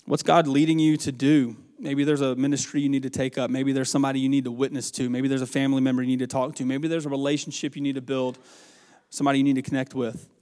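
A man's voice: medium pitch, flat delivery, fast, a little mellow, big-room sound. A man from the American South, preaching a farewell sermon in a church with an earnest, rambling, folksy storytelling manner. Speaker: pastor. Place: church sanctuary.

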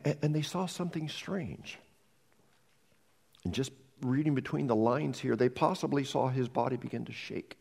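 Gravelly, lively-pitched preacher man. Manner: dramatic, dropping to a hushed near-whisper for emphasis; repeats words when starting phrases. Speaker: pastor. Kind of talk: sermon.

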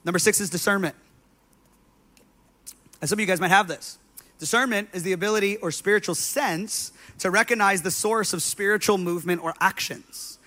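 A male pastor delivers a sermon in a slightly higher-than-usual voice. He tells stories conversationally, with plenty of fillers and loose asides. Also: normal speed, sharp tone. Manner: conversational preaching, storytelling with many fillers.

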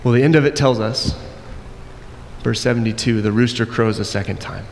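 A man's voice: mid-range voice, moderate pace, vocal fry. Man preaching in an echoing hall. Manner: acts out quoted voices, varies loudness widely. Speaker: pastor. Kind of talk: sermon. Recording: long echo in a hall, faint noise.

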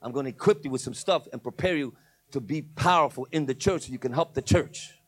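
A man preaching, taking on a deep, steady voice to speak as God. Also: a little fast, slightly rough, natural voice. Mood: assuring. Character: God speaking, calm and sure, male.

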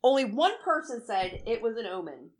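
With a voice on the high side and a moderate pace, a woman tells an emotional story in casual chat, acting out her own quotes and swearing freely.

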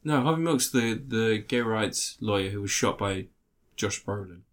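A man's voice: fairly low pitch, moderate pace. Sweary man chatting on a podcast. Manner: sweary, animated, laughs a lot. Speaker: podcast co-host. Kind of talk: casual film review chat.

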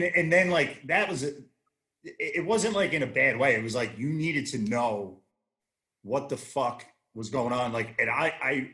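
A man's voice: mid-range voice, fairly bright tone. A man in his thirties, a guest on a casual chat show, telling rambling, profane stories with many restarts. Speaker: podcast guest, army veteran.

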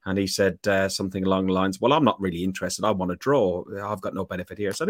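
A man hosting a casual football podcast over a call, telling a rambling story full of ums and pauses. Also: low-pitched, breathy edge. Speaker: podcast host.

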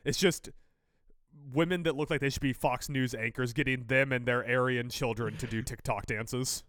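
A man's voice: medium pitch, no room sound, studio quality. A man co-hosting a sports podcast, giving strong opinions and teasing his partner in casual chat. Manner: opinionated, animated, quick to tease. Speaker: podcast co-host.

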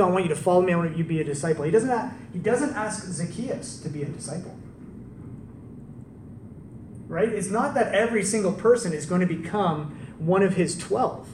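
Male preacher, conversational and animated, recorded from a distance with faint background noise. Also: high-pitched, echoey room. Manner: conversational, animated storytelling with rhetorical questions. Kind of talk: sermon.

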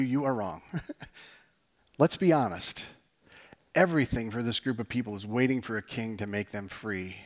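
Conversational man preaching, slightly high voice. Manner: conversational, asks the audience rhetorical questions; dry sarcastic humor. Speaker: pastor. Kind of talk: sermon.

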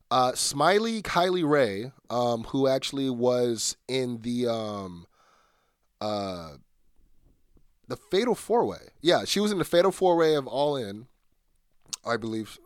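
A man's voice: medium pitch, no room sound, clean studio sound. A man hosting a solo podcast, chatting casually with lots of fillers and restarts. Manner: rambling, many fillers and restarts. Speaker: podcast host.

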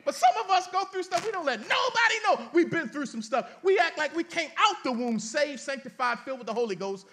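Man, very high voice, preaching, scripture reading, colloquial, bursts of shouting. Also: very animated, brisk, hardly any pauses. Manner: colloquial, addresses the congregation directly. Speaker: pastor. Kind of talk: sermon.

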